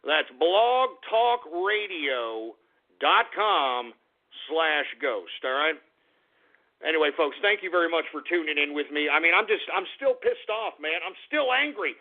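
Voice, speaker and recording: Male radio host, cursing angry rant that swings from mutters to shouts; higher voice, phone-thin audio. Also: expressive, unhurried, narrow, tinny audio.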